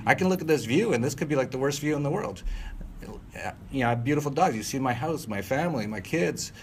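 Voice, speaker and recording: A man's voice: medium pitch, expressive, quick pace, slight background noise. Rambling man telling a personal story. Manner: rambling, frequent fillers and self-corrections, laughs mid-sentence. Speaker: interview guest. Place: at home.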